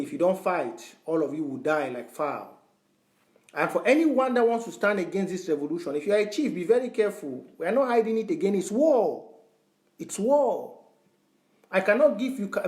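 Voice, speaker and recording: Fervent high-voiced man, echoey. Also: a little mellow. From Southern Cameroons. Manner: fervent, repetitive, lecturing. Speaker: online activist. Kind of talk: impassioned address to followers. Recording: roomy echo.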